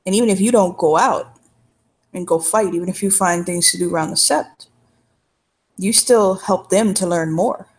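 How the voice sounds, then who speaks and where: Woman with a gravelly fry, rambly folksy in-character storytelling, talks like an older sister. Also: on the low side, moderate pace. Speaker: tabletop role-play player. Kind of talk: in-character role-play.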